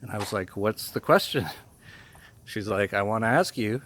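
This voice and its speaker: A man casually telling a personal story, emotional and halting, often laughing softly and filling pauses with "like" and "uh.". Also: fairly low pitch, slight background noise. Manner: emotional and halting, laughs softly between phrases, many fillers. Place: home in Mexico.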